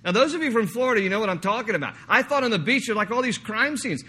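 A man preaching a sermon, animated and joking, slipping into mock voices to make his point. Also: high voice, very fast, breathy edge. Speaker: pastor.

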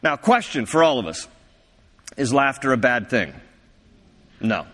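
A man preaching a sermon, telling a chatty story and quick to laugh. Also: medium pitch, sing-song, fairly bright tone. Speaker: pastor. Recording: long hall reverb.

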